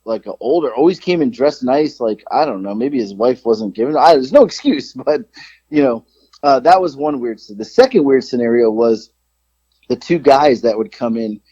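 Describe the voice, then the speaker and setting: A man co-hosting a podcast, telling stories in casual chat, swearing freely and jumping up in pitch when he quotes himself. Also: normal speed, breathy edge, no room sound. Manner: animated storyteller, jumps high when quoting himself, swears freely. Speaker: podcast co-host. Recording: slightly dull lo-fi sound.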